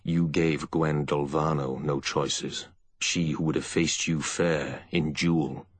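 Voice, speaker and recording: A man's voice: rumbling low, level tone, slow pace, slightly rough, no room sound, heavily acted. A man playing a cold, commanding avenger. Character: cold, grim male avenger with a gun. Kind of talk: audiobook character voice.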